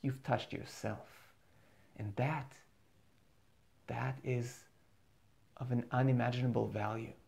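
Gravelly-voiced man giving a spiritual talk. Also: medium pitch, steady tone, slow, pauses often, darkish tone. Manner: earnest, repeats words for emphasis. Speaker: spiritual teacher.

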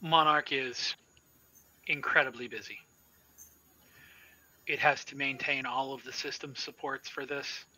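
In a tabletop horror game, the man running it voices a captive Minotaur-like creature, delivering slow, weighty, solemn pronouncements with calm menace, like a patient warning. His medium-pitched voice is sharp and tense, bright at the edges, with no room sound and poor audio.

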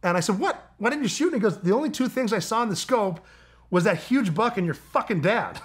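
Animated man telling a hunting story. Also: sits high, a little fast, slightly rough. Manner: animated storyteller, laughs often, mimics people in quotes. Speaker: guest. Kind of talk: storytelling in a casual interview.

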